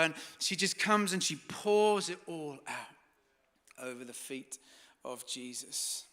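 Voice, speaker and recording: A man's voice: fairly high pitch, expressive, takes it slowly, bright, forceful tone, in a large hall. A man preaching a sermon as pastor, telling stories dramatically and building to fervent peaks. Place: church hall.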